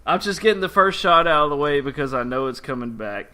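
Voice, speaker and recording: Man, sports talk co-host, casual chat, laughs often, bright tone. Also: a little high, animated, fast. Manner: laughs often, steers topics along.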